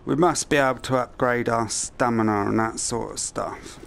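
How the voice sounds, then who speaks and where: A man's voice: mid-range voice, fairly even intonation, normal speed, gravelly, a bit bright, a little hiss or hum. A man thinking aloud to himself as he plays through a video game, giving let's-play commentary into a headset mic. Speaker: gamer.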